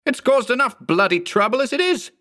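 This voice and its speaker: Brief: male narrator playing a frantic thirty-something loner, high-pitched, loud, swearing and yelling. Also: expressive, moderate pace, creaky, full character voice. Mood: angry. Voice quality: shrill, swearing yells. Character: panicked balding thirty-year-old man, foul-mouthed.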